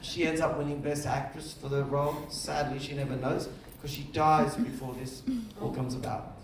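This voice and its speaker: A middle-aged film director telling lively anecdotes during an on-stage festival conversation, acting out the voices of other people. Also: male voice, fairly high pitch, normal speed, slight background noise. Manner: animated storyteller, acts out other voices. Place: festival stage before an audience. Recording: echoey room, mic at a distance.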